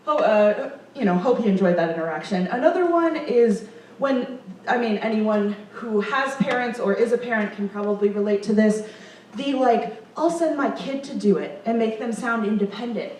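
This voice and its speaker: A woman's voice: on the high side, normal speed, darkish tone, slight background noise. A young woman telling a comic story on stage, chatty and self-amused, with lots of fillers. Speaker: improv performer. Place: performance room. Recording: very echoey room from far off.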